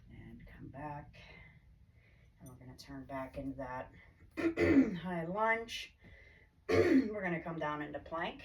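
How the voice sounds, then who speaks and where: A woman yoga instructor calmly cueing poses and breaths in a guided class, her throat a little choked up. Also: low-pitched, slow, pauses often. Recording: distant mic with faint background hiss.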